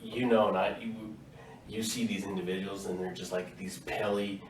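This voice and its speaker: Man with a low voice telling army stories. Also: normal speed, reverberant, far from the mic, slight background noise, low-quality recording. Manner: animated storyteller, laughs often. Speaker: guest, army veteran. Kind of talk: casual podcast interview.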